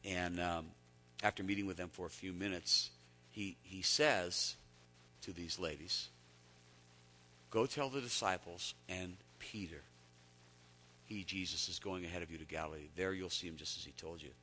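A man preaching a sermon, telling stories that swing from hushed, intimate lines up to loud, emphatic peaks. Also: sits low, steady tone, moderate pace, pauses often, long reverb tail, slight background noise. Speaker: pastor.

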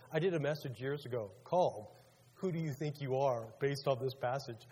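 Man, pastor, sermon, husky, slightly high voice, talks with the congregation, long hall reverb. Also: sing-song, quick pace, darkish tone. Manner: conversational preaching, asks the congregation questions.

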